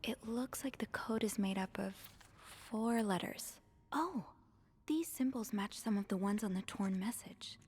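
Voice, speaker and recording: An actress voicing a curious young woman who snoops through clues, musing softly and at times whispering to herself. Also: medium pitch, unhurried, husky. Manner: soft musing, partly whispered.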